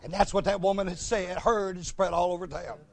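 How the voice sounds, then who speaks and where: A man's voice: high voice, fairly even intonation, brisk, gravelly, dry recording. A man preaching a folksy sermon, telling stories and calling for responses. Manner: folksy, storytelling, calls for responses.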